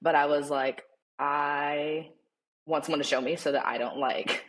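A young man, a podcast guest, telling a story in casual chat, animated and laughing often, with lots of "like". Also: a little high, unhurried, a little hiss or hum. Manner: animated, laughing, heavy use of "like".

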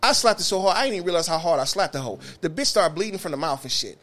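A man's voice: high voice, rapid-fire. A man, a bus driver telling profane stories on a casual podcast and acting out the quotes. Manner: animated, profane, acts out quotes.

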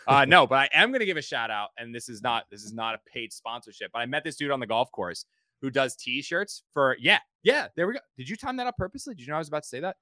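Male podcast host, rapid rambling talker with a dry close sound. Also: mid-range voice, animated, sharp tone, dry recording. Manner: rambling storyteller who repeats words. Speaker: podcast host and sports reporter. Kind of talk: casual podcast chat.

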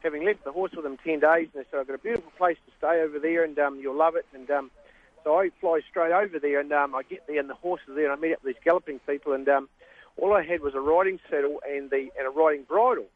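A man's voice: fairly high pitch, fast, no echo. A man with a New Zealand accent, a trainer calling in to a radio show, telling rambling stories with lots of ums. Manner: rambling storyteller, many ums. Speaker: guest trainer. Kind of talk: phone-in radio interview. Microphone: phone. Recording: tinny phone line.

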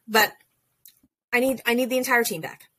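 A woman co-hosting a podcast, chatting in a bubbly, excitable way. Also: a little high, normal speed. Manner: bubbly, exclaims and restarts often. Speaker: podcast co-host. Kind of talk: casual podcast chat.

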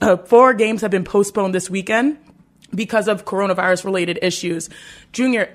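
A woman co-hosting a sports radio show, chatty and lively, often laughing. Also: mid-range voice. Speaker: co-host.

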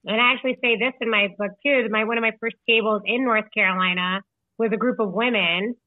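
A woman's voice: fairly high pitch, fairly even intonation, quick pace, no room sound. A young woman from Illinois, a podcast guest and author, chatting casually and saying "like" a lot. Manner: chatty, laughs often, says "like" a lot. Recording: tinny phone-like line, dry.

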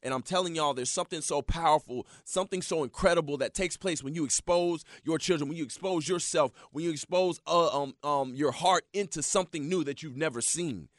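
A man in his thirties hosting a motivational radio talk show, telling stories in an animated, preachy way and calling his listeners y'all. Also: on the high side, brisk, few pauses, no room sound, clean studio sound. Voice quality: animated storyteller, swings loud when excited.

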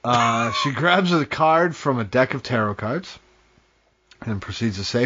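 A laid-back man chatting on a podcast, mid-pitched and easygoing, swearing casually and laughing often. The audio is dull and lo-fi. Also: animated, a little slow, sharp tone. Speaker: podcast co-host. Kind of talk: casual chat.

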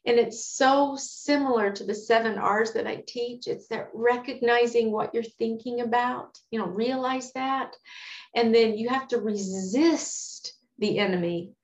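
A woman's voice: a little high, unhurried. A woman giving an earnest, candid devotional teaching on a psalm, talking in a conversational way and quoting scripture. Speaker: Bible teacher. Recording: echoey room, dull lo-fi sound.

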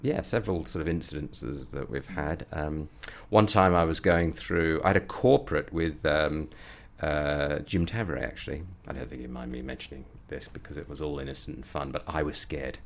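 A man with a very low, deep voice tells a story to an interviewer. He gets animated, his voice rising as he acts out the people in it. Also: normal speed, vocal fry, hardly any pauses. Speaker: comedy performer and guest. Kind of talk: anecdotal storytelling.

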